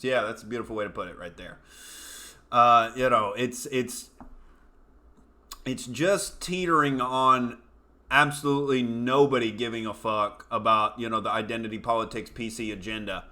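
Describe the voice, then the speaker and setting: A man's voice: medium pitch, steady tone, moderate pace, sharp tone. A male comedian hosting his own show, delivering a profane, scornful rant full of fillers and asides. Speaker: comedian host. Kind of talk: ranting comedy commentary.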